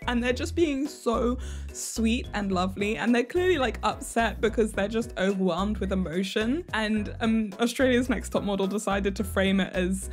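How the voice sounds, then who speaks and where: A woman's voice: on the high side, moderate pace, soft background music. Giggly chatty woman vlogger. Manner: giggly, chatty, laughs often. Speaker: fashion vlogger. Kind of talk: casual chat.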